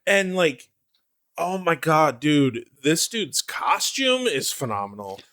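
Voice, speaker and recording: A man co-hosting a podcast, recapping a TV episode in animated casual chat, laughing often and swearing. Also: a little high, slow. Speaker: podcast co-host.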